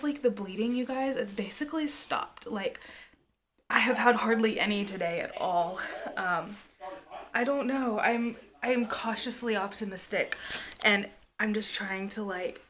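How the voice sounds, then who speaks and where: Soft-spoken mother vlogging at home. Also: medium pitch. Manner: soft, candid, rambling with many fillers; drops to a hushed near-whisper at times. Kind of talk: casual to-camera vlog chat. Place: home, indoors.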